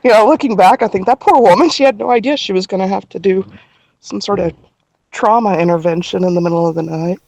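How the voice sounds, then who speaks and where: A middle-aged woman telling a personal story as a podcast guest, earnest and halting, with frequent restarts. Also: medium pitch, darkish tone, dry recording.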